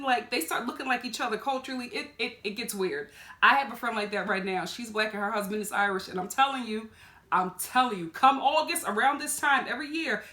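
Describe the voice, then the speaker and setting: This casual TV show review comes from an animated woman vlogger who often laughs and leaps into high exclamations. The audio is reverberant.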